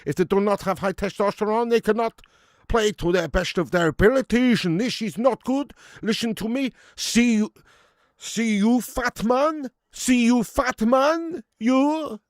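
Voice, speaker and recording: A man putting on the voice of a blunt, pompous Dutch football manager who lectures with halting pauses. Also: no echo, clean studio sound. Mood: lecturing. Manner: halting with "uh", then shrill and lecturing.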